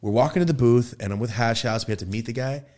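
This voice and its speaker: A man telling a story in casual podcast chat, swearing freely and breaking into high excited voices when quoting people. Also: quick pace. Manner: animated, profane, jumps into high excited voices for quotes.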